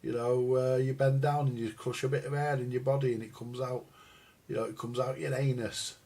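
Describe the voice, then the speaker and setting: A man's voice: medium pitch, little pitch movement, a little fast, mellow, breathy edge. Older man, rambling, crude jokes, calls viewers guys, live-stream chat. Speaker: record collector vlogger.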